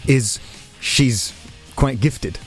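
A man's voice: mid-range voice, drawn-out words, faint music behind. Throaty man with a voiceover-style voice. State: slightly throaty. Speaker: film reviewer guest. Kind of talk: studio banter.

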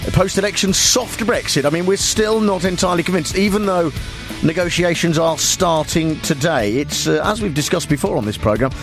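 A man's voice: fairly high pitch, fairly quick, music in the background. A man hosting a talk radio show, riffing in a dry, wry, rambling way. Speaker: radio host. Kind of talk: comic talk radio monologue.

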